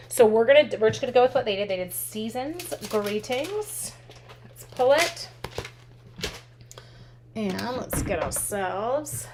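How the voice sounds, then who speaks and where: Chatty woman demoing stamping. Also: medium pitch. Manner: chatty and upbeat, thinks aloud, reads viewer comments. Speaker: craft instructor and live stream host. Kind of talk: live stamping demo, chatting with viewers. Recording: steady background noise with clicks.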